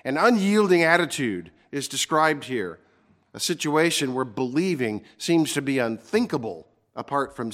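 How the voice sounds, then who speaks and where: A man preaching a sermon, earnest and emphatic, slowing down to stress key words. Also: medium pitch, a bit bright. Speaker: pastor.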